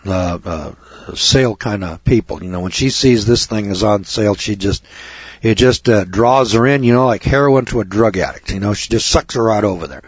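A man's voice: fairly low pitch, animated, normal speed, husky, dry recording. A man talking as a show host, telling a long rambling story in an indignant, repetitive, chatty way. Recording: dull lo-fi recording.

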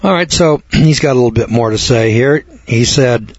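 An American man preaching a sermon, blunt and folksy, repeating his points for weight. His voice is husky and dry, and the recording has a dull, lo-fi sound. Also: mid-range voice, normal speed, few pauses, no room sound. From United States.

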